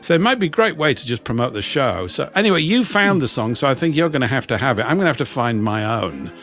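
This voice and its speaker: A man's voice: mid-range voice, sing-song, quick pace, a bit bright. A man co-hosting a live show, chatting casually and mocking himself a little. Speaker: co-host. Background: faint music.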